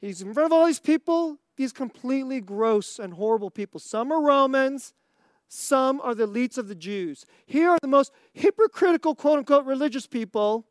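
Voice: high-pitched, lively intonation, normal speed, no room sound, clean studio sound. A preacher giving a sermon, asking the listeners rhetorical questions and laughing between points.

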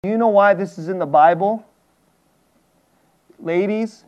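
Earnest, animated male pastor preaching. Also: high voice, unhurried, long pauses, muffled recording. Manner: earnest, animated, laughs often, stammers. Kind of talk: sermon.

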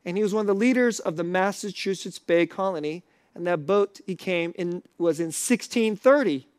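A man's voice: sits high, normal speed, clean tone, dry recording, clean studio sound. A man preaching a sermon to a live audience in a conversational, questioning way.

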